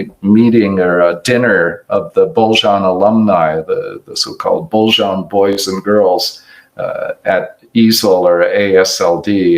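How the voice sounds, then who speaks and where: Slow gravelly older man lecturing. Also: low voice, rough recording. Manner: halting, reflective, many restarts. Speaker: hepatologist giving award lecture. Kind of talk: academic lecture with slides.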